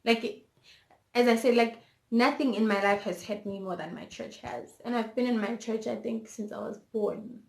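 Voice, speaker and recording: A woman's voice: fairly high pitch, moderate pace, gravelly. A young woman with a South African accent from Zulu country, telling a candid, emotional storytime in her vlog and mixing English with Zulu. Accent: South African, Zulu-inflected. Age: young adult. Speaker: vlogger. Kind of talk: personal storytime. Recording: roomy echo.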